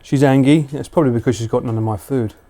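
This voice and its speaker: A man streaming live from home late at night, chatting casually and slipping into high sing-song baby talk for a dog. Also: steady tone, quick pace, mellow.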